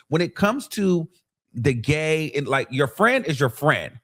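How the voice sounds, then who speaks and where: Hosting a livestream, a man with a medium-pitched voice talks quickly and casually. He is animated, performs the voices of the people he quotes, and restarts often.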